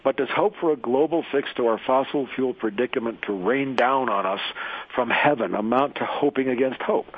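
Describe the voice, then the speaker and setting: Man impersonating a sardonic Russian-accented male author, husky, lo-fi radio sound. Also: medium pitch, lightly acted. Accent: mock Russian. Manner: reads aloud in a put-on accent. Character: Russian-accented male essayist, grim and wry.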